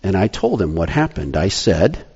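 A man telling a personal story in a sermon, animated, rising to excitement and dropping to hushed tones. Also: low-pitched, moderate pace, husky, dull audio.

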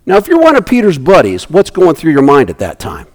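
A pastor preaches a sermon with animated energy, voicing the people in his story through big vocal leaps and frequently restarting his phrases. His voice is a little high, and he moves briskly with hardly any pauses.

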